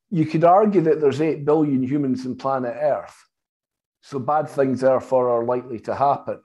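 A British man, a psychotherapist guest in an interview, speaking in a measured, anecdotal way and acting out the dialogue in his stories. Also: mid-range voice, darkish tone. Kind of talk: interview, storytelling.

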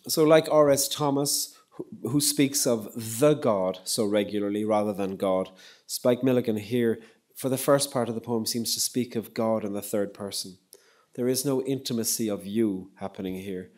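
A man giving a public lecture on poetry and prayer, in a measured, reflective way with frequent pauses. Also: fairly low pitch, darkish tone. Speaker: lecturer and poet. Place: lecture hall.

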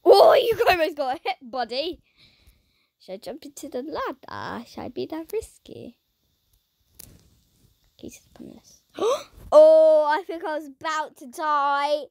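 A woman giving casual gameplay commentary, dramatic and excitable, who keeps talking to her viewers and often drops into a whisper. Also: sits high, a little slow, vocal fry, pauses often, no echo, studio quality. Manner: excitable and dramatic, swinging between squeals and whispers; chats to viewers while playing. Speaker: gaming channel host.

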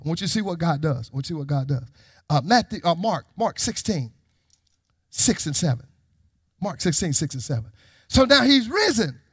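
A male pastor, preaching a sermon in a call-and-response style that rises to shouts. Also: fairly high pitch, expressive, a little fast, pauses often, breathy edge, no room sound, clean studio sound.

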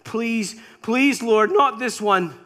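A man's voice: very high voice, slow pace, bright, forceful tone, long reverb tail, heavily acted. A man preacher voicing Adam, a desperate young man begging and questioning God. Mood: pleading. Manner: pleading, questioning.

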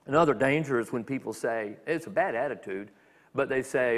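A man preaching a sermon as a minister, talking in a conversational, animated way with quick acted asides. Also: mid-range voice, big-room sound. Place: church sanctuary.

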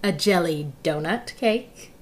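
A woman voicing an eager male lion detective who is crazy about food, with a slow, drawn-out, playful delivery. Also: on the low side, expressive, voice pushed down.

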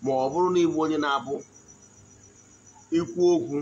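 A man giving a spiritual teaching in a slow, deliberate voice, often asking his listeners if they follow. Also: on the high side, fairly even intonation, a little mellow, highs cut off, a little hiss or hum. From Nigeria. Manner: switches between Igbo and English, frequent check-ins. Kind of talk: spoken teaching.

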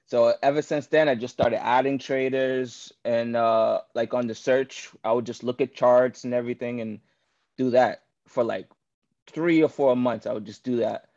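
A man's voice: medium pitch, fairly even intonation, moderate pace, darkish tone. A man from Queens, New York, a guest on a live show, answering hesitantly with many fillers. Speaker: guest caller. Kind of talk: casual interview on a live stream. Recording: dull, lo-fi call audio.

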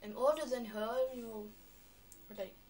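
A young girl talking on a vlog, chatty and animated, with lots of filler words. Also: a little high, moderate pace. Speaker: vlogger. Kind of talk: rambling vlog monologue.

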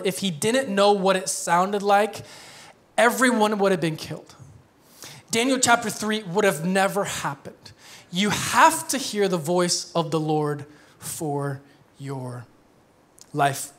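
A man in his thirties preaches to his church in a loose, conversational way. His voice sits a little high, and he keeps slipping into jokes and quick laughs between points. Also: a bit bright. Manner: conversational, joking, laughs often. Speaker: pastor. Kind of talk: sermon.

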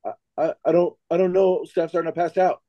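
A man's voice: a little high, fairly even intonation, a little fast, dry recording, highs cut off, voice pushed up, lightly acted. A man voicing a dazed young male Marine who just fainted, stammering meekly. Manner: stammering, meek and confused.

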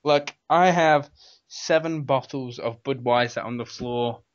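A man's voice: mid-range voice, unhurried, no room sound. A young British man co-hosting a gaming podcast, chatting loosely and rambling, often laughing. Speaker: podcast co-host. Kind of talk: casual chat. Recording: dull, dry home recording.

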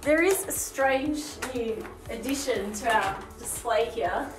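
A woman's voice: a little high, takes it slowly, reverberant, recorded from a distance, over music. An Australian woman hosting a vlog, chatting and bantering casually in an artist's studio, laughing often. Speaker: vlog host. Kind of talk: casual behind-the-scenes chat.

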